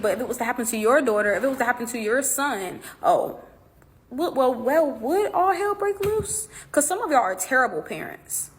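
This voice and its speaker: A woman telling a personal story in casual chat, animatedly acting out past conversations and speaking straight to her viewers. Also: a little high. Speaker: boxer telling her side of a falling-out.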